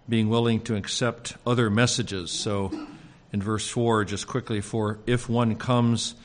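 A man with a fairly low voice leads an informal Greek lesson for seminary students. He talks in loose, halting phrases with many fillers. Now and then he drops in a deadpan joke. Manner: dry joking, pauses with many fillers.

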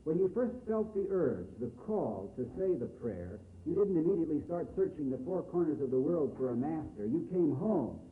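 A man playing a young man who talks to his sister in a low, quiet, blunt and brotherly way. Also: very animated, moderate pace, hardly any pauses, recorded from a distance. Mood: earnest. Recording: echoey, phone-like, faint hiss.

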